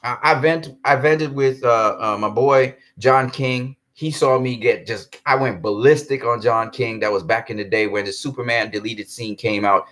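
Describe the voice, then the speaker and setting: A man's voice: medium pitch, moderate pace, few pauses, fairly bright tone. A man hosting a live stream in a casual, heated way. He repeats himself, talks straight to his viewers and reads out and answers their chat comments. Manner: heated and repetitive, addresses viewers directly.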